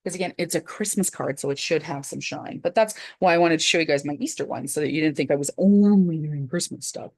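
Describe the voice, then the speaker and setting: A woman's voice: sits low, fairly quick, few pauses, no room sound. A woman hosting a casual crafting tutorial, chatting through each step as she works and checking in with viewers. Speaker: craft channel host.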